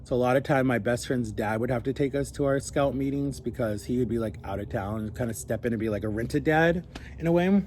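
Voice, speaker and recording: Young male vlogger, casual storytelling, mid-pitched voice, animated, faint room hiss behind. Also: fairly quick. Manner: rambling, animated, acts out quoted voices.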